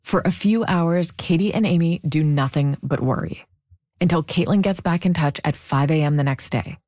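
Calm mellow woman narrating a podcast. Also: low-pitched, no room sound, clean studio sound. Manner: measured, composed storytelling. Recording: soft music bed underneath.

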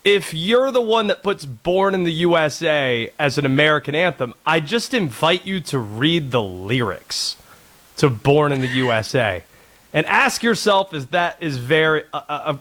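Man, sports radio host, lively swooping voice, slightly high, sarcastic, rambling chat. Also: normal speed. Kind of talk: casual sports talk radio.

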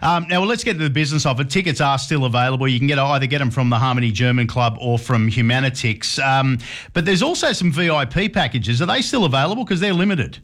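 A man hosting a radio interview, friendly and halting, with frequent uhs and restarts. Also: mid-range voice, lively intonation, fairly bright tone. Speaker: radio host.

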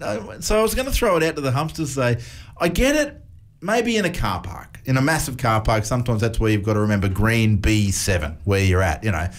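A man's voice: medium pitch, normal speed. An Australian man in his forties, co-hosting a casual radio show and telling stories with frequent laughs. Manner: storytelling, laughs often, animated retelling. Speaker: radio co-host. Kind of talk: casual breakfast radio chat.

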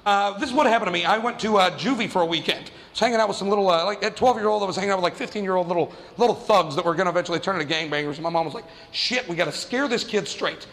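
Animated, high-voiced man telling a stand-up story. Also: vocal fry, long reverb tail. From New Mexico. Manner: fast, animated, acts out quoted voices. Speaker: stand-up comedian.

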